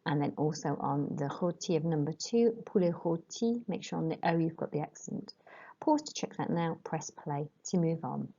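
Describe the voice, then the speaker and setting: A woman French teacher giving a recorded lesson, dictating sentences slowly and clearly and repeating each prompt. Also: sits low, expressive, warm tone, dull audio.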